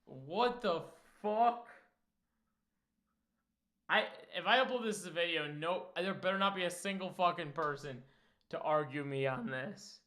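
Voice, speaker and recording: Young guy streamer reacting to clips, swears a ton, slightly high voice, clean smooth sound, drawls slow. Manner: profane, loudly disgusted outbursts. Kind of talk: casual live-stream reaction.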